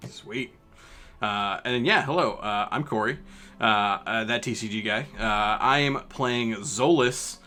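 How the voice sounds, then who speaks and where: A man with a middle-pitched voice hosts a casual tabletop game stream. He rambles and restarts his sentences, leaning on lots of filler words as he talks into a home streaming mic. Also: a little slow, bright, forceful tone. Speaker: host.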